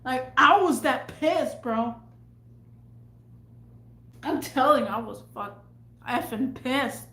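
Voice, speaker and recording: A woman's voice: high voice, expressive, slow, long pauses, sharp tone, reverberant. A woman who works in a store, telling an agitated, cursing story with stammered restarts. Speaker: retail store worker. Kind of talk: ranting storytime vlog. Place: at work in a store.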